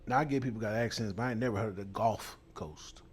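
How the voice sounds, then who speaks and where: Male host, heated commentary, mocking, profane, mid-pitched voice. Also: rapid-fire, husky.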